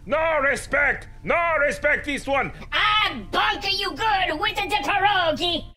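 A man putting on a shouting indignant food stand owner. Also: very high-pitched, measured pace, pitched above the performer's own voice, heavily acted. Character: angry male food stand owner with odd accent.

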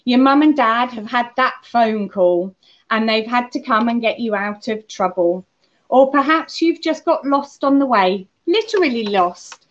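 Woman giving a children's talk. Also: a little high. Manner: gentle, storytelling, speaks directly to children. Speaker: children's holiday club leader. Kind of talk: children's talk on a Bible lesson. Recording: muffled lo-fi church recording.

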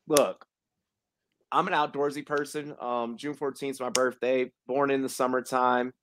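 A man hosts a relaxed podcast conversation at an ordinary pitch. He laughs easily and circles back over his words as he thinks. The sound is dry and close. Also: moderate pace, dry recording. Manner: laughs often, repeats words while searching for them. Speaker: podcast host. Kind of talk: casual podcast chat.

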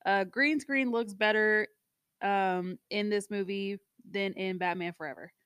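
A woman's voice: medium pitch, measured pace, fairly bright tone, smooth, no echo, studio quality. A woman co-hosting a movie review show in casual chat, talkative and laughing often between fillers.

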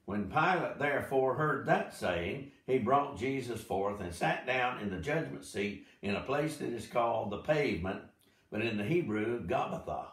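A man teaching a Bible study, reading scripture aloud slowly and dramatically, with short explanatory asides. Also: medium pitch, animated, fairly bright tone. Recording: echoey room, mic at a distance.

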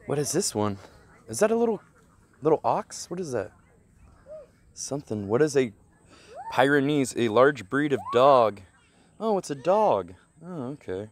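A man's voice: mid-range voice, big pitch swings, unhurried, pauses often, a little hiss or hum. A man live-streaming from an outdoor petting zoo, talking nonstop with crude, joking banter into a handheld mic. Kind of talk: casual live-stream commentary.

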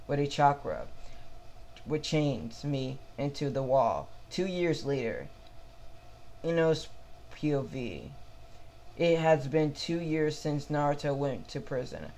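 A man reading his own fan fiction aloud in first person, halting and stumbling over words with many restarts. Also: on the high side, a little mellow, slight background noise, rough recording.

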